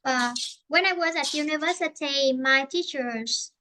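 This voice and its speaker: A woman from Vietnam with a Vietnamese accent, teaching an online English lesson in a halting way, often repeating and rephrasing herself. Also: high voice, bright, forceful tone, slight background noise.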